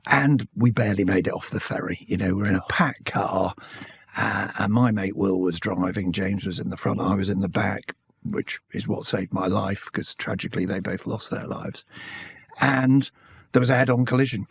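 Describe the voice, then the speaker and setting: British guy in his 60s, gravelly husky voice, thoughtful storytelling in an interview, dry close sound. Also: fairly low pitch, no room sound. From Britain. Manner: candid, anecdotal, measured. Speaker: interview guest, broadcaster. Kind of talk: reflective conversational storytelling.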